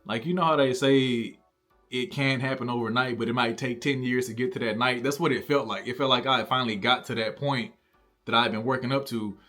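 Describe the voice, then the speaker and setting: A man's voice: mid-range voice, steady tone, brisk, sharp tone, soft background music. A young man candidly telling a personal story, rambling and reflective, full of "like" and restarts. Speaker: content creator.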